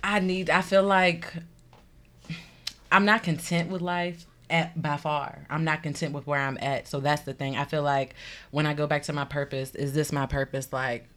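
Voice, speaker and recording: A woman in her thirties in casual chat among friends, speaking reflectively in drawn-out phrases. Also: sits low, level tone, a bit bright. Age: 30s.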